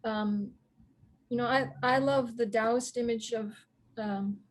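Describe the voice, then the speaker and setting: Soft-laughing woman, reflective guest. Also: a little high, fairly even intonation, a little slow. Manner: thoughtful, with soft laughs and many ums. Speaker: guest astrologer. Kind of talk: reflective interview talk.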